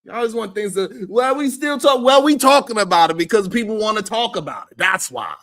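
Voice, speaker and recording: High, bright-voiced man ranting. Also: a little fast. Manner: animated, profane, laughs often. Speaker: live-stream commentary host. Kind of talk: casual reaction commentary.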